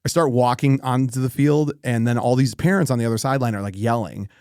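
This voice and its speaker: Man, middle-aged, podcast co-host, animated storyteller, dry sound. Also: mid-range voice, quick pace, clean tone, no room sound. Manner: animated, swears, acts out quoted people.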